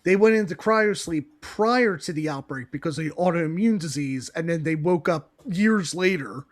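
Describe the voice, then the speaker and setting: A man's voice: a little high, animated, moderate pace. A man co-hosting a podcast, recapping a comic in a rambling, giggly way and laughing often as he talks. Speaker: podcast co-host. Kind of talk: casual comic-book recap chat.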